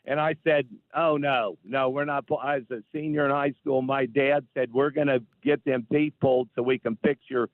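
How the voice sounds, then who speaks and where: A man calling in to a talk radio show, telling a story in an animated, insistent way over a phone line. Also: medium pitch, moderate pace, hardly any pauses, no echo. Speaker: caller. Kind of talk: call-in radio chat.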